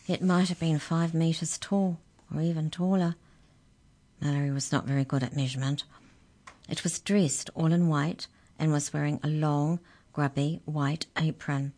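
A woman reading a children's story aloud as narrator, clear and expressive. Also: deep voice.

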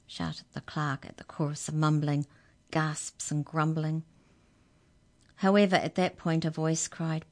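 Reading a children's story aloud at a measured pace, a low-voiced woman narrates clearly and expressively. She slips into the characters smoothly, like an experienced storyteller.

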